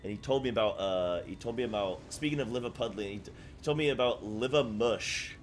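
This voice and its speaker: During a live game stream, a lowish-voiced man rambles in halting, filler-heavy casual talk, frequently restarting his sentences. There's a faint hiss or hum in the recording.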